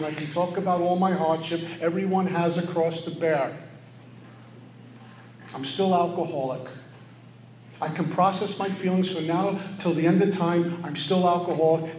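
A middle-aged man giving an earnest, preachy share at a recovery meeting, often acting out his own thoughts in quick asides. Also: on the high side, darkish tone. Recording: echoey room with faint ambience.

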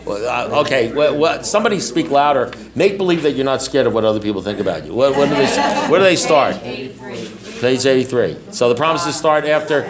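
A man's voice: mid-range voice, expressive, fairly quick, a crowd in the background. Blunt, rambling middle-aged man. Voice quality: blunt, streetwise, self-mocking. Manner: rambling, repeats phrases, keeps asking "you know what I mean?". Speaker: speaker at a recovery meeting. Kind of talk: casual talk to a meeting.

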